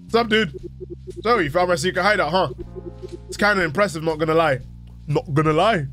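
A man's voice: sits high, a little fast, fairly bright tone, soft background music. A man voicing a laid-back young male glove creature from a game, with casual slangy dude talk.

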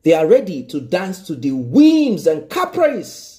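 A man's voice: sits high, huge pitch swings, unhurried, dark tone. A man giving emphatic news commentary, stressing points by repeating them and asking rhetorical questions.

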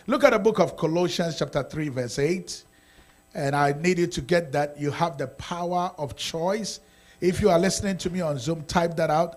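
A man with a Ghanaian accent preaching a sermon as pastor, swinging from quiet talk to shouting. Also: a little high.

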